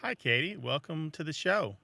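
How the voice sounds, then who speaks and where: A man's voice: on the high side, expressive, moderate pace, creaky, sharp tone, no echo. A man co-hosting a radio talk show, laughing easily and explaining where words come from.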